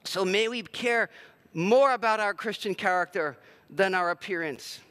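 A man's voice: high-pitched, moderate pace, fairly bright tone. A man preaching a sermon in a conversational, self-deprecating way with plenty of filler words. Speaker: pastor.

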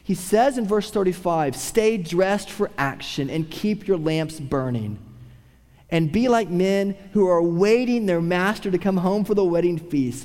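A man preaching a sermon, swinging from a raised voice to hushed, quiet tones. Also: a little high, long reverb tail. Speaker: pastor.

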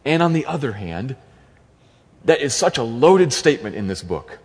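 A man's voice: medium pitch, very animated, moderate pace, a little mellow, slightly rough. A man preaching an expository sermon as pastor, emphatic and repeating key phrases for stress. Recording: long reverb of a large hall.

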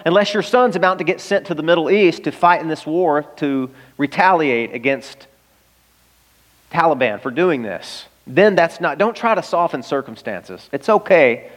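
A pastor preaches a sermon earnestly and emphatically, using rhetorical questions, in a voice on the high side at normal speed. The recording carries the long reverb of a large hall.

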